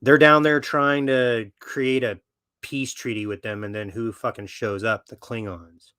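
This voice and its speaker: A man's voice: medium pitch, fairly even intonation, measured pace, bright, forceful tone, clean tone, dry recording, clean studio sound. A man talking in a blunt, swaggering, foul-mouthed monologue as a podcast host. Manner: blunt, swaggering, heavy swearing. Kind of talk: profane opinionated monologue.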